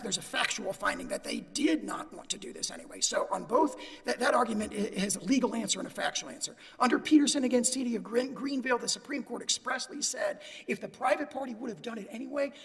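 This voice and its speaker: A man's voice: extremely high pitch, fast, gravelly, few pauses, a bit bright, husky. A man arguing an appeal before a panel of judges, emphatic and building long hypotheticals. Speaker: lawyer arguing for plaintiffs in appeals court. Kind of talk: formal courtroom oral argument. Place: courtroom. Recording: long reverb of a courtroom.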